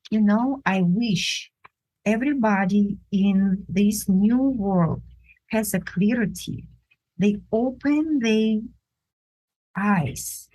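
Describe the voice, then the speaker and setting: A woman art instructor giving a drawing demonstration, pausing often to search for words and thinking aloud as she works. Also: medium pitch, warm tone, slightly rough, low-quality recording.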